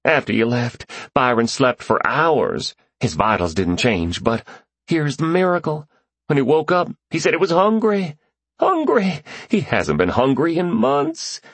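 A man's voice: animated, moderate pace, breathy edge, no room sound. A man voicing an overjoyed father leaving a phone message, his voice choked and exhilarated. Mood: excited. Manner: choked, exhilarated voice, high and strained.

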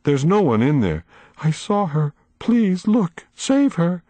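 A man voicing a terrified, grieving old woman in a storybook reading, with high, pleading, breaking cries. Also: very animated, slow, warm tone, no room sound, full character voice.

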